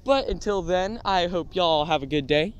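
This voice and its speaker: A man telling funny childhood stories in a casual, lively way, often checking in with "right?" and "all right?". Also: sits high, moderate pace, smooth, lo-fi sound. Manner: lively anecdotes with frequent "all right?" and "right?" tags. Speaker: storytelling channel host. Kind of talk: casual storytelling.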